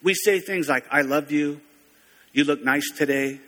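Bright-voiced preacher in an echoing hall. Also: male voice, fairly high pitch, unhurried. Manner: conversational, self-correcting, folksy asides. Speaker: pastor. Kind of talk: sermon. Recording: long reverb of a large hall.

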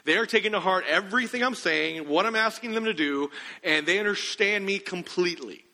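A pastor preaching in a conversational way, often putting questions to the congregation. His voice sits high and sounds bright and forceful. The hall gives it a long, ringing reverb. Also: a little fast. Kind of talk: sermon.

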